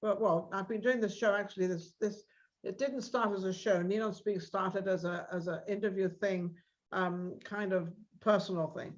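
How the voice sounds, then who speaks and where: A woman's voice: medium pitch, lo-fi sound. A woman hosting an internet TV interview show, chatting energetically with frequent restarts. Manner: energetic, talks in restarts and asides. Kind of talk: casual interview chat.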